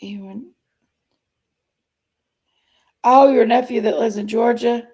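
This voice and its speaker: A woman's voice: fairly high pitch, steady tone, moderate pace, hardly any pauses, dark tone. A woman hosting a casual livestream, chatting and greeting viewers by name as she reads their comments. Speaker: livestream host reading chat.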